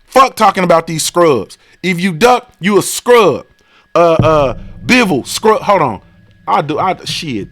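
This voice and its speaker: A man hosting a boxing stream rants in a profane, casual way on a live stream, firing off repeated rhetorical questions. His voice is fairly high, a bit bright and animated, and his pace unhurried.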